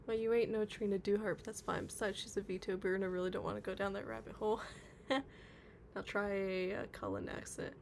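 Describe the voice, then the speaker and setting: A woman's voice: medium pitch, little pitch movement, brisk, gravelly, slight background noise. A woman streaming live, chatting casually and reading out viewer comments, with lots of filler words. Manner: chatty, reads chat aloud, many fillers. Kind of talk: casual livestream chat.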